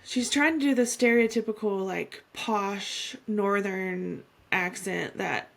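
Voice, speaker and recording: A woman's voice: medium pitch, takes it slowly, gravelly, a bit bright, slight background noise. A woman co-hosting a podcast, chatting casually with short replies and mocking imitations. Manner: short agreeing replies, laughs, mimics voices. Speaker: podcast co-host. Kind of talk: casual chat.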